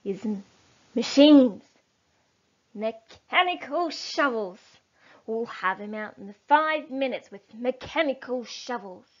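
A woman voicing a dirty, deaf, bossy thin male farmer in a storybook reading, talking loud and slow. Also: on the high side, animated. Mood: demanding. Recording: dull lo-fi recording.

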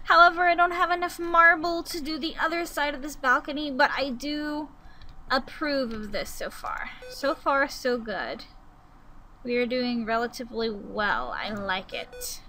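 A young woman giving casual gameplay commentary, musing aloud as she builds and breaking into sudden excited outbursts. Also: high voice, measured pace, slight background noise, poor audio. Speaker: Let's Play gamer.

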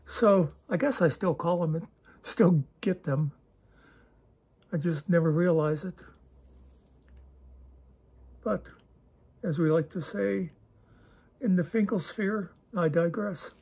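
A man's voice: sits high, slow, pauses often, a little mellow, husky. A man hosting his own channel, talking in a casual, digressive monologue with a wry, self-deprecating humor. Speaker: channel host.

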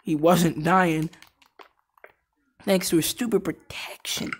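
A woman doing let's play commentary on a game, excitable and prone to shouting and laughing. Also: on the low side, takes it slowly, slight background noise. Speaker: gameplay commentator.

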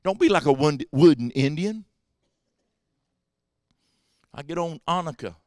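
A man preaching a sermon as pastor, swinging between quiet asides and shouted exhortations. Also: fairly high pitch, expressive, takes it slowly, no room sound, clean studio sound. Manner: swings from hushed to shouting, drawling preacher cadence. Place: church sanctuary.

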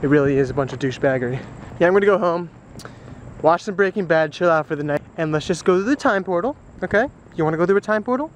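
A young man chatting casually in a daily vlog, goofy and excitable, filming himself on a handheld camera as he goes about his day. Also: on the high side, fast. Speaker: daily vlogger. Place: on the go, in a car and at work. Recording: noisy background.

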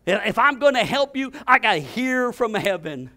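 A man's voice: very high voice, sing-song, normal speed, sharp tone. A male pastor preaching a fervent storytelling sermon, often repeating and restarting his words.

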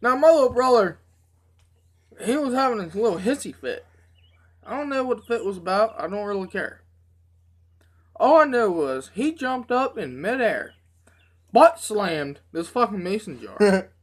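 Woman, swearing constantly, lively swooping pitch, casual storytelling. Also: unhurried, pauses often. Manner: profane, animated anecdotes. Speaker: tobacco dip reviewer.

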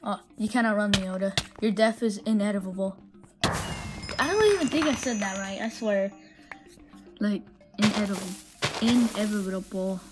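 Brief: woman hosting a gameplay voice-over, casual, rambling, foul-mouthed trash talk, loud game music under the voice. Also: mid-range voice, moderate pace, pauses often, low-quality recording. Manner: rambling, profane, trash-talking. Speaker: gaming channel host.

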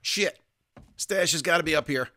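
A man's voice: on the high side, moderate pace, pushed and bright. A man giving casual let's-play commentary over a survival game, wry and self-mocking, muttering to himself as he plays. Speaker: gaming YouTuber.

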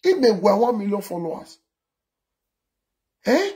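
A Nigerian man in his forties hosts a casual live stream from a cold indoor spot abroad. Speaking at normal speed in a high, gravelly voice, he talks animatedly and fires off rhetorical questions again and again.

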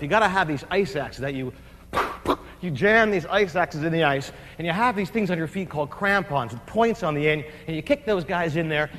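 A man from New Jersey giving a keynote speech, telling an adventure story in an animated, comic way with acted-out shouts and asides. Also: on the high side. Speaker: keynote speaker. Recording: long hall reverb.

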